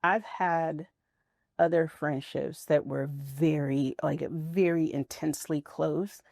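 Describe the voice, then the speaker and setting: Woman guest, candid and reflective, lower pitch with gravelly texture. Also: fairly even intonation, slow, darkish tone, no echo, studio quality. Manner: frank, reflective storytelling. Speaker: interview guest, mother. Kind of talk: candid conversational interview.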